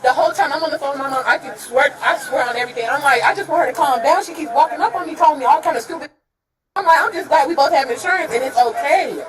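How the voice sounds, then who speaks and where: A woman who was in a car accident tells what happened, out on the street, rushed and repeating herself with nervous half-laughs. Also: high-pitched. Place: outdoors at a roadside accident scene. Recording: far from the mic, crowd noise.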